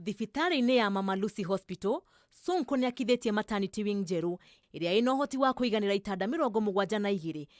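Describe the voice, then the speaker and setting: A woman reading a news voice-over report in a brisk, steady manner. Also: medium pitch, no room sound. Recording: dry studio voice-over with music.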